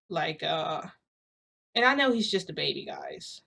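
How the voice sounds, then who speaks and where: A woman's voice: on the low side, animated, a little fast, vocal fry, fairly bright tone. A young adult woman telling a story in a casual, rambling, filler-heavy way.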